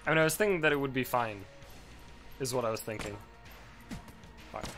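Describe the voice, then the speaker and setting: Guy doing let's play commentary, swears a lot, gets loud and mad, game music going underneath. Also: medium pitch, brisk. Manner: profane, swings into loud frustrated outbursts. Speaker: gaming YouTuber.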